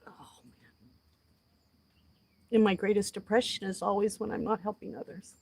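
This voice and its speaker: A woman's voice: medium pitch, no room sound. A woman chatting casually and emotionally to a live audience while outdoors. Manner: emotional, heartfelt, talks softly to animals. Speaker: vlogger talking to a live audience. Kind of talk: casual livestream chat.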